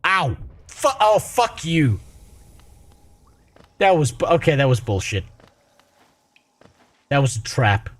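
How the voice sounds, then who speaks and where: A man's voice: fairly high pitch, very animated, slow pace, pauses often. A man commentating casually on a video game, crude and joking, swearing when he fails. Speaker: streamer.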